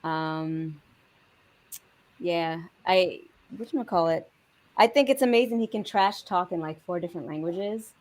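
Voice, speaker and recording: A woman's voice: on the low side, unhurried, a little mellow. A woman guest on a casual panel show, speaking hesitantly with many fillers.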